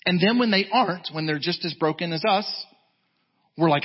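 A man preaching a sermon as pastor, emphatic, swinging from high urgent peaks to low quiet lines. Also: moderate pace, husky. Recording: dull lo-fi sound.

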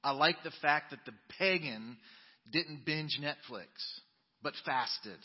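A man preaches from the pulpit in a slightly high voice, reading scripture with dramatic swings from booming lines to hushed asides. His voice rings through a long church reverb. The sound is a bit dull and muffled. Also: slow, husky. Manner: dramatic Bible reading with sudden loud and quiet turns. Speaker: pastor. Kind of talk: sermon. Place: church sanctuary.

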